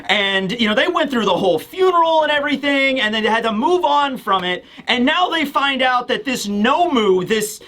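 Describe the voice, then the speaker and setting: A man's voice: very high-pitched, expressive, moderate pace, hardly any pauses, bright, forceful tone. A man giving a rambling, casual chapter review with many fillers. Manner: rambling, fillers, slips into character voices. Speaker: manga reviewer. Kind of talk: casual commentary.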